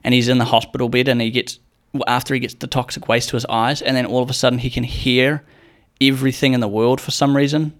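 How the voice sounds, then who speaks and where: Fast-talking and flat in delivery, a young man at medium pitch hosts a casual solo podcast. He wanders through jokes and swearing, acting out the quotes he recounts.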